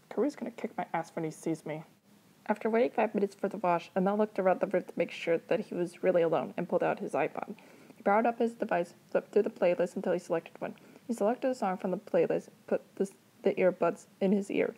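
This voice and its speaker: Woman narrator, gravelly and mellow, casual story reading with asides. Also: medium pitch, rough recording. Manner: reads dialogue in a light voice, sings the song lyrics.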